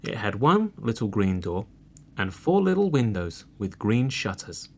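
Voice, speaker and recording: Man, storybook narration, slow pace, very lively pitch, expressive read-aloud. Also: gravelly.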